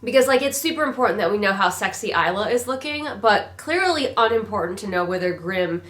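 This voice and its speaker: A woman's voice: mid-range voice, expressive, fairly quick, a bit bright. A woman giving a casual, sarcastic read-along critique of a book, mocking it as she goes. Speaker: book reviewer.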